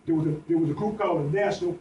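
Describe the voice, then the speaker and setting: A high-pitched, fast-talking older man speaks on a community panel, hammering his points with repeated phrases. He is picked up from across an echoey room, with a faint hiss underneath. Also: warm tone, lo-fi sound. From New Orleans. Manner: impassioned, repetitive emphatic phrasing. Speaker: panel speaker, veteran activist. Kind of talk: panel discussion. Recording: echoey room, distant mic, faint noise.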